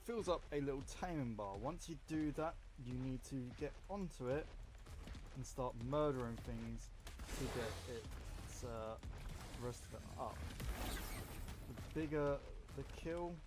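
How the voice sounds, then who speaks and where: A man's voice: medium pitch, noisy background. A man giving casual, rambling gameplay commentary, offhand and often correcting himself, with the hiccups. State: has the hiccups. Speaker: gaming YouTuber.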